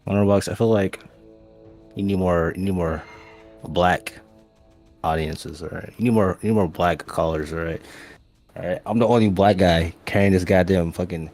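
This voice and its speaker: Deep-voiced blunt young man caller. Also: steady tone, moderate pace, darkish tone, soft background music. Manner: blunt, slangy, repeats "all right?". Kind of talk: casual call-in banter.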